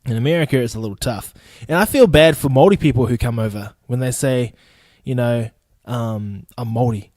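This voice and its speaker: A young man from New Zealand with a New Zealand accent, hosting a casual solo podcast in a blunt, profane way and mimicking people in high, excited voices. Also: a little fast, dry recording. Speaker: podcast host.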